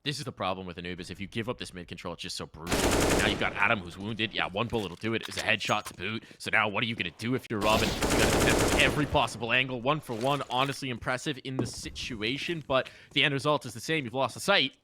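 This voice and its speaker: Guy doing fast jokey play-by-play for a shooter match, loud gunfire and game noise behind him. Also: lowish voice. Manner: rapid, playful, excitable calls. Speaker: esports commentator. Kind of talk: live play-by-play commentary. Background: game sound effects and gunfire.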